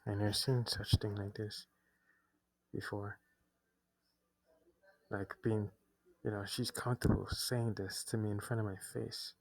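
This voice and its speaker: Low flat-voiced young man telling a story. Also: unhurried, gravelly, pauses often, no echo, rough recording. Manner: restarts sentences often, agitated recounting. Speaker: vlogger. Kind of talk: personal storytelling monologue.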